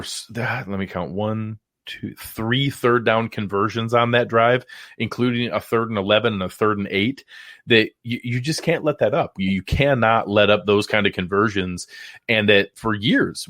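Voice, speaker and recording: A man's voice: fairly low pitch, a bit bright, no echo, clean studio sound. A man co-hosting a post-game sports talk show, breaking down plays in emphatic detail. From Buffalo area. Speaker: podcast co-host.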